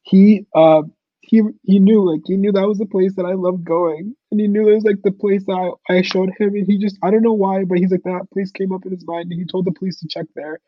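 Husky young guy telling his story on a podcast, says like a lot, dry muffled audio. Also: high-pitched, steady tone, a little fast, dry recording. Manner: casual, heavy use of "like" fillers. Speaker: podcast guest. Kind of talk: personal storytelling interview.

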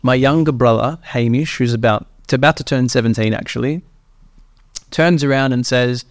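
A man, hosting a podcast and telling a family story in a chatty, animated way. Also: mid-range voice, moderate pace, no room sound, clean studio sound. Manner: chatty, animated, swears casually. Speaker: podcast host. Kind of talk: casual conversational storytelling.

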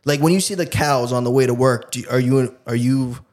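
A man's voice: mid-range voice, brisk, a little mellow. Young guy co-hosting a podcast, medium voice, laid back, laughs along and says yeah a lot. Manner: easygoing, agrees often, laughs along. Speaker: podcast co-host. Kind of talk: casual chat.

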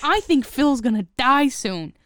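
A woman's voice: high voice, very animated, unhurried, a bit bright, no echo, clean studio sound. A woman host bantering casually and teasing her co-host with mock threats. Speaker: podcast host.

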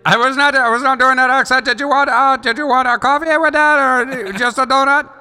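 Guy doing a perky drive-thru donut worker, squeaky high, super bright. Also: steady tone, fairly quick, clear, resonant tone, big-room sound, exaggerated voice. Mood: chirpy. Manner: high chirpy service voice.

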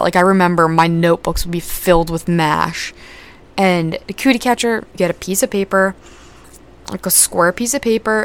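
A young adult woman hosting a podcast in casual chat, rambling with lots of fillers and casual swearing. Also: mid-range voice. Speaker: podcast host.

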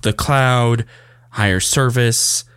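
A man's voice: medium pitch, slow, fairly bright tone, clear, resonant tone, no room sound, clean studio sound. A man co-hosting a casual tech podcast, easygoing and rambling as he talks about gadgets and deals. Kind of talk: casual tech news chat.

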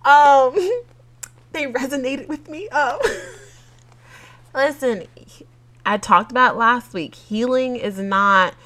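Woman podcast host, slow relaxed pace, gets teary, laughs a lot, says y'all. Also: sits high. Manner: chatty and openly emotional, fighting back tears; laughs between thoughts, talks to listeners as "y'all". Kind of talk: casual solo podcast chat.

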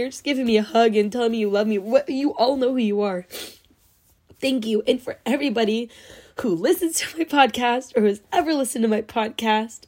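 A young woman hosts her solo podcast while crying happy tears, her voice sitting a little high. She gushes thanks in rambling, heartfelt runs full of fillers and restarts. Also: a little mellow. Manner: tearful, gushing, full of fillers. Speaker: podcast host. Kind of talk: emotional solo podcast talk.

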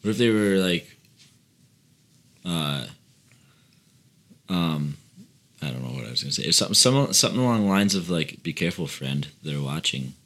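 A young man with a very low voice hosts a loose, casual chat. He rambles through his thoughts, full of fillers, and laughs often. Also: very animated, normal speed, long pauses, fairly bright tone. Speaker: podcast host asking questions.

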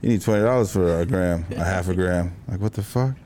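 A man hosting a casual chat, cursing freely and laughing loudly as he tells stories. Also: sits low, fairly quick, a little hiss or hum. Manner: profane, laughs loudly while storytelling. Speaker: podcast host.

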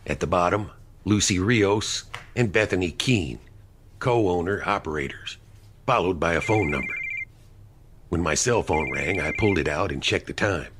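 A man narrating a mystery story in the first person, in a dry, measured storytelling manner. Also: deep voice, a bit bright, slight background noise. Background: music.

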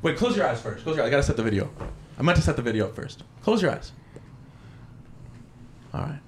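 A man hosting a podcast in casual chat, loud and excitable, swearing freely. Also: medium pitch, fast talker, a little hiss or hum. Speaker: podcast host. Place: podcast studio.

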